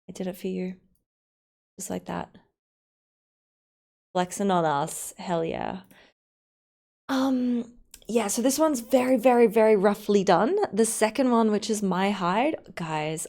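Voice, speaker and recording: A woman's voice: mid-range voice, unhurried, creaky, dark tone. An Australian woman chatting casually on a live stream, rambling and giggling as she talks.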